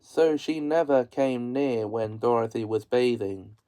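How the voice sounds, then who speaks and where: A man reading a classic children's story aloud as narrator, in slow, measured storytelling. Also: mid-range voice, mellow, clean tone, poor audio. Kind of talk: audiobook-style reading.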